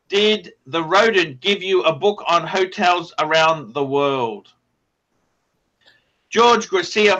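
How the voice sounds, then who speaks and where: A man's voice: a little high, pushed and bright, low-quality recording. A man hosting a casual livestream chat, swearing freely and reading out donations. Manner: brash, profane, rattles off donation names. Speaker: livestream host.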